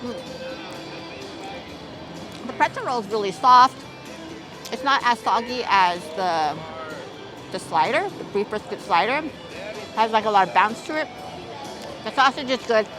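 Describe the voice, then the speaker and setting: A woman's voice: on the high side, expressive, moderate pace, pauses often, music in the background. A woman food vlogger chatting casually as she tastes and reviews dishes outdoors, hedging and thinking aloud. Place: outdoors at a theme park, windy.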